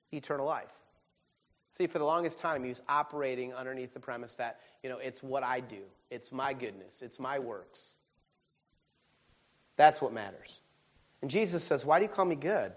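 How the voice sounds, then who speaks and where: A man preaching a sermon as a pastor, animated and humorous, swinging from quiet asides to shouted exclamations. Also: sits high. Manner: humorous, self-deprecating.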